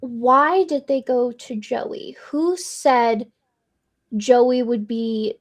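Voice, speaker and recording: A woman co-hosting a casual book discussion, slowly puzzling over questions aloud. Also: on the high side. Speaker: podcast co-host.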